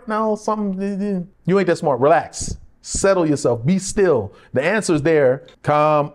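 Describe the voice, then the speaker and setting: Speaking at a measured pace in a voice on the high side, a middle-aged actor tells candid interview stories. He's animated, often laughing and performing the voices of those he quotes in a conversational way.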